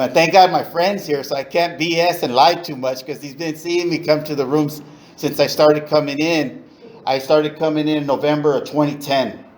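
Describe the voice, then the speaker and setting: Middle-aged man from East Los Angeles, slightly high voice, candid recovery-meeting storyteller. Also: poor audio. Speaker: AA meeting speaker.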